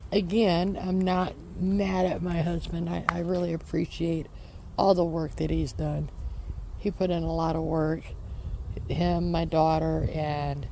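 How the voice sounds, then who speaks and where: A woman's voice: low-pitched, vocal fry, mellow, slight background noise. A woman chatting casually in her vlog, rambling and repeating her reassurances, recorded outdoors in a garden. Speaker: homesteading vlogger.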